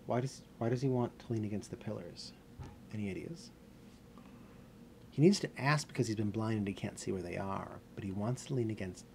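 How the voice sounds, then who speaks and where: A man telling a story dramatically to listeners, halting and repeating words, and often dropping into whispers for effect. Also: lowish voice, vocal fry, darkish tone. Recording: noisy background ambience.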